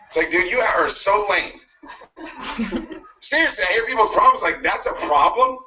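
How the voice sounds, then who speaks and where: High, forceful motivational speaker man. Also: lively intonation, a little slow, slight background noise. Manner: forceful, pushy, laughing at his own jabs. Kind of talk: motivational speech. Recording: muffled video played back from a distance.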